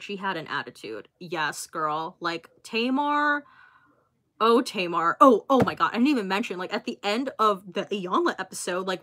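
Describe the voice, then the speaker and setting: A woman in her twenties chatting casually on a livestream, reading viewer comments aloud in a lively, expressive way with lots of fillers. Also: mid-range voice. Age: 20s. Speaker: YouTuber hosting a livestream.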